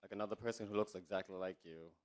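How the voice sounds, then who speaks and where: A man with a lowish voice asks his question in a tentative, halting way. He repeats himself and trails off while searching for answers. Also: fairly even intonation. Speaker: audience member asking questions.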